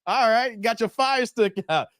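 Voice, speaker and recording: Male livestream host, high voice, dry close mic, laughs a lot, heavy on slang. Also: a little slow, no echo. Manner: animated, laughs often, slangy, reads chat aloud. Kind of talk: casual livestream chat.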